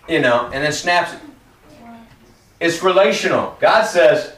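A man preaching a sermon in a conversational, animated way, joking and acting out little quoted exchanges. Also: high-pitched, measured pace, reverberant, far from the mic.

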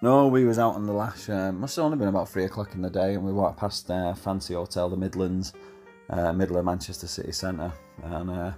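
A man tells a rambling night-out story in a voice message, his voice deep and held in a narrow range. He fills gaps with "uh" and keeps a cheeky, laddish tone, with faint music in the background. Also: steady tone, fairly quick, hardly any pauses, darkish tone. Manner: chatty, laddish, full of fillers. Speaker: caller sending a voice message.

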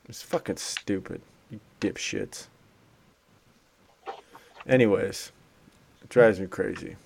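A man's voice: on the low side, takes it slowly, vocal fry, a little mellow, slight background noise. A man co-hosting a casual podcast, sardonic and crude, ranting with frequent swearing. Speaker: podcast co-host. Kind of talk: casual profane chat.

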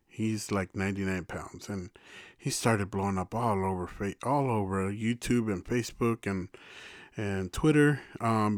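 Low-voiced man musing at length. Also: no echo, clean studio sound. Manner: reflective, rambling, many restarts and "you know". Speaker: podcast co-host. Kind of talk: casual podcast conversation.

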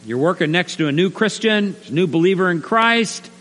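A middle-aged pastor preaches with great animation, bouncing between plain teaching and acted-out exchanges. His voice sits fairly high and rings out bright and forceful. The sound carries a long hall reverb over a faint mains hum. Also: moderate pace. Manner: animated, acts out little scenes with put-on voices. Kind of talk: sermon.

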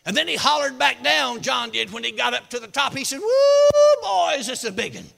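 A man preaches and spins a tall tale, whooping and hollering in a high, gravelly voice that swings all over. His tone is bright and sharp. The sound rings out with the long echo of a large hall. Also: expressive, brisk. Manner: shouting, hollering storyteller with whoops. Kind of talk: sermon with a folksy tall tale.

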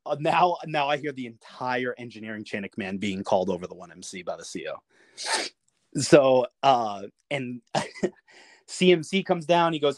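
A man, a navy veteran guest on a podcast, telling a story in a lively, casual way, cursing freely and acting out what others said. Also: medium pitch, moderate pace, no room sound. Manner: animated storyteller, swears freely, acts out quoted lines with chuckles. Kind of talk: casual anecdote told in an interview.

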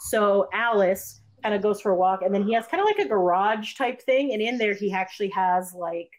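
Chatty young woman recapping a movie. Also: fairly quick. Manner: animated retelling with many fillers and high-pitched acted quotes. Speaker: podcast co-host recapping a movie. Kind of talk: casual chat.

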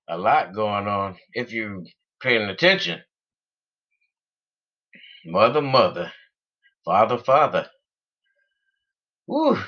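A man's voice: lowish voice, highs cut off. A man vlogging in an unscripted, rambling way, earnest and laughing between thoughts. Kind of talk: casual unscripted monologue.

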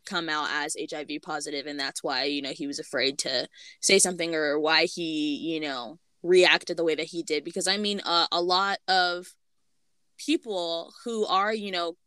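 Female co-host, casual chat; measured, filler-heavy explaining, crisp and bright tone. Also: low-pitched, dry recording, clean studio sound. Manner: measured, explains at length with many "you know" fillers.

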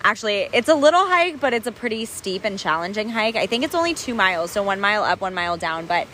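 A young woman talks to her audience in a loose, chatty vlog style, peppering her sentences with "like" and little laughs. Her voice sits at an ordinary middle pitch and she records on a handheld phone, sometimes outdoors. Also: big pitch swings, fast talker, sharp tone, a little hiss or hum. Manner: chatty, laughs often, lots of "like". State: out of breath. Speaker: travel vlogger. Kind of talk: casual travel vlog chat. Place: outdoors on a hiking trail.

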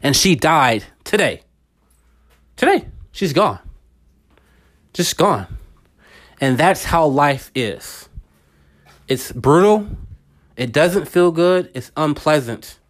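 A man's voice: a little high, sing-song, slow, long pauses. Earnest preacherly man podcasting. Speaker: podcast host. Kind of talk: casual motivational monologue.

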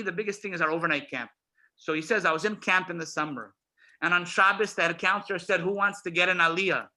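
Male rabbi, storyteller. Bright, slightly high voice, animated delivery with acted-out quotes. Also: low-quality recording. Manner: animated storyteller, acts out quoted voices, swings loud and soft. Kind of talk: storytelling speech to an audience.

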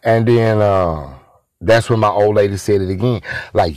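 A man's voice: fairly low pitch, normal speed, a little mellow, no room sound. Rambling man. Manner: rambling, repeats himself, addresses listeners as y'all. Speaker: storyteller. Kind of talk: casual spoken storytelling.

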